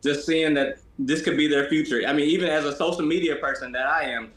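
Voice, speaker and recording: A man's voice: fairly high pitch, steady tone, brisk, fairly bright tone. A man who works in social media, speaking in a thoughtful, hesitant way during a casual chat. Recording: roomy echo.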